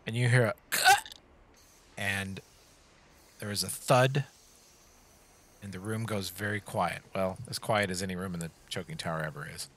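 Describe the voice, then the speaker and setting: A man's voice: low-pitched, normal speed, pauses often, fairly bright tone, slight background noise. A man running a tabletop game as game master, giving vivid descriptive narration and calling for dice rolls.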